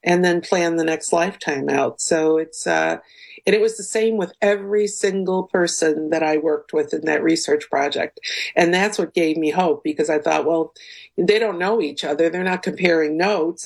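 A woman guest on a radio show, speaking calmly and earnestly with hesitant fillers. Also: sits low, moderate pace, creaky, husky, low-quality recording. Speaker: guest researcher. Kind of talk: radio interview.

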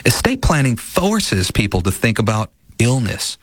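A man's voice: medium pitch, very animated, measured pace, breathy edge, no room sound. A man hosting a financial advice radio show, talking earnestly in a folksy, casual way.

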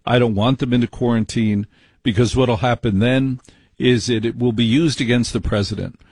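A man in the middle of an opinionated monologue, brash and rambling, his voice a little husky. He sounds mock-exasperated. The sound is dry, with no room around it. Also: mid-range voice, steady tone, normal speed, a little mellow, dry recording.

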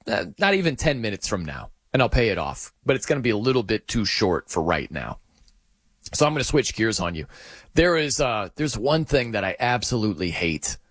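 A man hosting a sports radio show, telling stories in an animated, excitable way. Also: no echo. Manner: animated, excitable storytelling with dramatic pitch swings. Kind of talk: casual sports talk monologue.

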